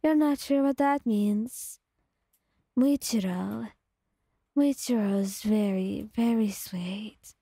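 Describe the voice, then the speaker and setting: A woman with a breathy voice telling a calm second-person story in soft ASMR narration, close to the mic. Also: mid-range voice, takes it slowly, no echo.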